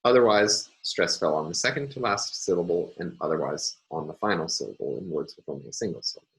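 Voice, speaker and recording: A man's voice: low voice, a bit bright, poor audio. A man giving a recorded university linguistics lecture, explaining carefully with many ums and uhs.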